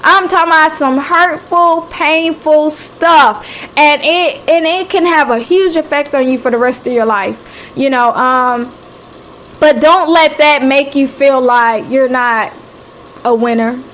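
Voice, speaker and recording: High-voiced encouraging Southern woman. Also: a little slow, a bit bright, slight background noise. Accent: Southern American. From Southern United States. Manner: encouraging, preacher-like, repeats phrases; casual, calls listeners honey and sweetie. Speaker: radio host. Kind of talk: live motivational talk. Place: home, live stream.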